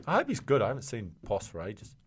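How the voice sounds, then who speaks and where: A man's voice: on the low side, huge pitch swings, fast talker, husky. A man with a New Zealand accent, a former rugby player co-hosting a casual podcast and telling stories. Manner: storytelling, laughing a lot. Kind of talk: casual chat.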